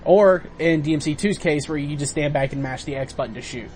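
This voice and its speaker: A man's voice: a little high, brisk, darkish tone, slight background noise. A man hosting a let's play, chatting casually, laughing often and explaining game mechanics. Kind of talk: casual gameplay commentary.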